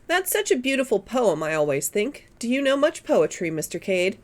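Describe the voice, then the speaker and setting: A woman's voice: a little high, very animated, moderate pace. Gushing young tourist girl, as a woman reads her. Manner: gushing, coquettish.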